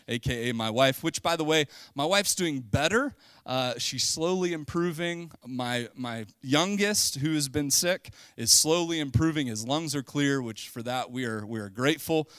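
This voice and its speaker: A man's voice: mid-range voice, a bit bright, clean tone, no echo. A middle-aged man preaching a casual, joking sermon in a church, talking conversationally and rising into bursts of emphasis. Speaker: pastor. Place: church sanctuary.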